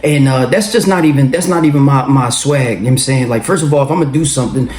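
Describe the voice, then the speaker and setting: A man telling his own story in a casual, profane, animated way, acting out what people said. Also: mid-range voice, fast talker. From Philadelphia. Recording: roomy echo.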